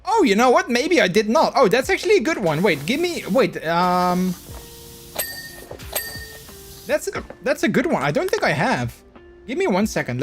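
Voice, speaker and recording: Man, live streamer, slightly high voice, rambling chatty talk, hiccups, faint music behind. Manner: rambling, chatty storytelling with many restarts. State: has the hiccups. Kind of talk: casual live-stream chat.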